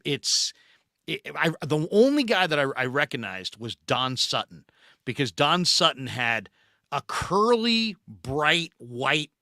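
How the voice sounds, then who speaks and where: Middle-aged guy telling a story, lively, does the voices, bright sharp voice, dry close mic. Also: on the high side, no echo. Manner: animated storyteller who acts out the voices in his anecdotes. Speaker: podcast host. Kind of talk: casual storytelling chat.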